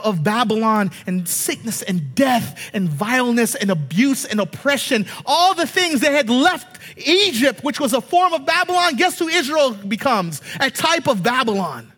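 Husky high-voiced man preaching in a hall. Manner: animated, emphatic preaching with rhetorical questions, swings between loud and hushed. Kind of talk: sermon.

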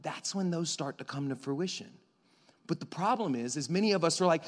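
Young male pastor, sermon, fairly high voice, animated delivery, long church reverb. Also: fairly quick. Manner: animated, swinging from loud excited bursts to quiet intimate delivery. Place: church sanctuary.

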